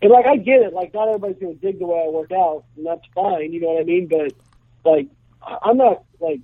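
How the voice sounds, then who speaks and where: A young man tells a story in a loose, rambling way, full of fillers. His voice sits fairly high for a man. It comes through a tinny, dry phone line. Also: expressive, fast, no room sound. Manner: rambling, filler-heavy, laid-back. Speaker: guest. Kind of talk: casual storytelling on a call-in show.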